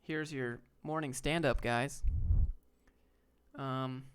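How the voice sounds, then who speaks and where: A man's voice: mid-range voice, very slow, clean tone. A man hosting a livestream, chatting casually and bluntly about job hunting and reacting to viewers. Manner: relaxed, blunt, swears casually, talks to chat. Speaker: livestream host giving job advice.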